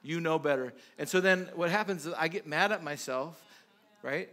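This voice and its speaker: Bright-voiced man preaching casually. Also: fairly high pitch, normal speed. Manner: conversational, many restarts, rising to emphatic bursts. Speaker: pastor. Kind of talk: sermon.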